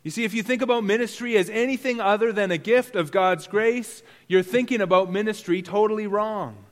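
A male pastor delivers an earnest sermon, putting rhetorical questions to his listeners and often doubling words as he goes. His voice sits high for a man. It rings out with a long reverberation, as in a large hall. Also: fairly quick.

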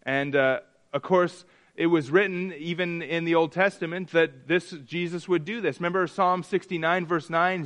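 A pastor leads a Bible study in a slightly high, halting voice, often repeating words, stumbling, and starting over. At times he acts out quoted voices with mounting excitement.

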